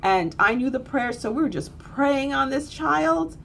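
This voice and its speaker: A woman's voice: high-pitched, lively intonation, measured pace, gravelly, fairly bright tone, slight background noise. A woman telling a story in a casual, blunt, earthy way, swearing freely and repeating phrases for emphasis. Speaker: spiritual teacher.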